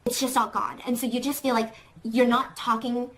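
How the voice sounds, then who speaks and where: A woman in a played clip telling a personal story, shaken and halting as she searches for words. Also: fairly high pitch, level tone, noisy background.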